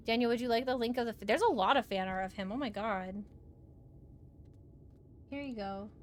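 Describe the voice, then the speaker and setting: A woman talks casually to her stream, rambling and repeating lines, then jumping into sudden high, excited squeals. Her voice sits at a middling pitch. Game music with a clear violin line plays behind her throughout. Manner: chatty, excitable, repeats herself, bursts into squeals. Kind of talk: casual gameplay livestream chat.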